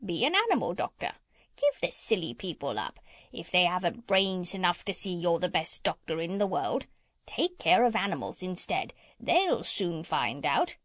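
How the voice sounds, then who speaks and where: A woman voicing a proud, clever female parrot who lectures briskly and breaks into high squawks. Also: wildly swooping pitch, no echo, studio quality. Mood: lecturing.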